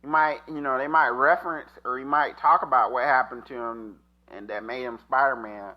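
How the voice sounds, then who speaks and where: A man at an ordinary pitch gushes through a casual movie review, rambling and stopping to restart his thoughts with plenty of ums. The recording sounds slightly muffled and lo-fi, with the top end dulled. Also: steady tone, normal speed. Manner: enthusiastic and rambling, with frequent fillers and restarts. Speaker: movie review show host.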